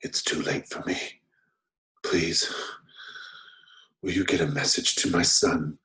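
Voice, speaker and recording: A man voicing a dying, wounded soldier who mutters in a hushed voice in a tabletop game. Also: low-pitched, steady tone, slow, heavily acted. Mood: desperate.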